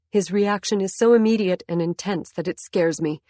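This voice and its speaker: A woman's voice: medium pitch, moderate pace, mellow, no echo. A woman reading a first-person story aloud as an audiobook narrator, with tense, intimate storytelling.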